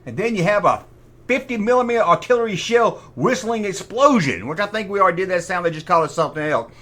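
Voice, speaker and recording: A man's voice: sits high, lively intonation, fast talker, over music. A middle-aged man hosting a comic toy review. He makes sarcastic asides and imitates sound effects with his mouth. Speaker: toy collector host.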